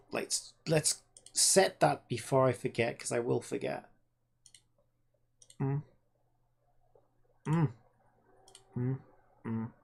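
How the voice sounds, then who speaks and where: Slow, gravelly game developer muttering to self. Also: medium pitch, a little hiss or hum. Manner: muttering to self, swearing in frustration. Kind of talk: casual self-talk while coding.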